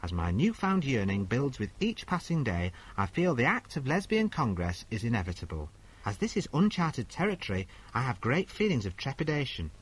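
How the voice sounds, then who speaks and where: A man's voice: mid-range voice, big pitch swings, moderate pace, husky, low-quality recording. A man playing a crude, brassy woman agony aunt who reads out letters and answers them bluntly in a comedy sketch. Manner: blunt, bawdy, mock-sincere.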